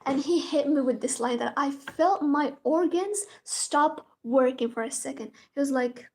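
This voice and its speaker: A young woman tells a storytime vlog. Her voice sits high and she speaks dramatically, swearing casually along the way. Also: measured pace, darkish tone. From Morocco. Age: young adult. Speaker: university student, vlogger.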